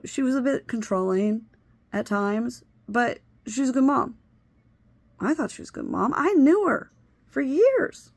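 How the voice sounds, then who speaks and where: A woman recounting a personal story in a loose, unscripted way. Her voice has a gravelly, fried edge, and she speaks bluntly, dropping swear words without hesitation. The sound is close and dry. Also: medium pitch, no echo. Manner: candid and blunt, swears freely.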